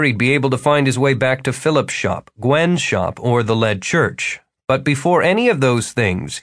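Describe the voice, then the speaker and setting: A male audiobook narrator reads fantasy fiction in a steady, lively storytelling voice at an ordinary middle pitch. The recording is dry and close, with no room echo.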